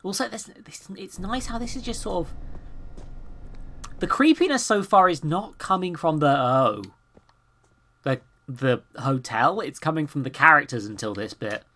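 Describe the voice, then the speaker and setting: Lively bright-voiced woman streamer. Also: low voice, moderate pace. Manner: chatty, reads in-game notes aloud. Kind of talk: live game stream commentary.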